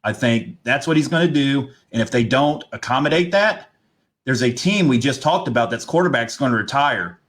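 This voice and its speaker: A man's voice: mid-range voice, lively intonation, normal speed, fairly bright tone. A man co-hosting a casual sports talk show, opinionated and rambling. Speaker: podcast co-host.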